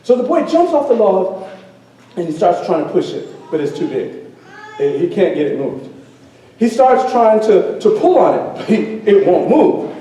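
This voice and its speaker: An animated man storyteller performing live in a school auditorium, playful and calling out to his audience. His voice swoops high and low with a mellow tone. The hall is very echoey and the mic sits far off. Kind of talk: live oral storytelling with call and response.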